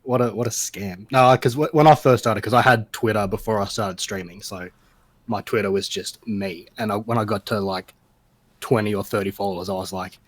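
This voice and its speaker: A man from Australia co-hosting a podcast, trading dry, deadpan jokes in casual chat. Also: lowish voice, brisk, dry recording. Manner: dry, joking deadpan asides. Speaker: podcast co-host.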